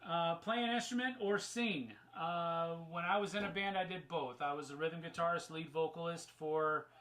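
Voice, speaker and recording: A man hosts a casual live-stream Q&A from his desk, answering viewer questions in a loose, rambling way full of fillers and restarts. His voice sits a bit high and rings bright and forward. On topics he enjoys he turns emphatic and upbeat. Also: moderate pace, poor audio. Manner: gets excited and emphatic on fun topics.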